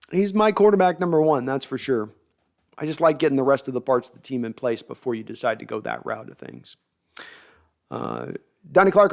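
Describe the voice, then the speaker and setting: Middle-aged male streamer host, animated, rambling, reading viewer chat live. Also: fairly high pitch. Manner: animated, hyped, rambling with restarts.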